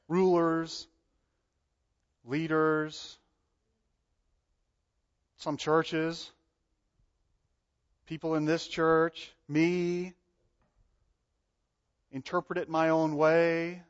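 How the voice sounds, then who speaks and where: A man preaching a sermon in a fairly high voice, animated and dramatic. He acts out the voices in the text and swings between loud and soft. The recording sounds dull and lo-fi. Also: extremely slow, long pauses, smooth.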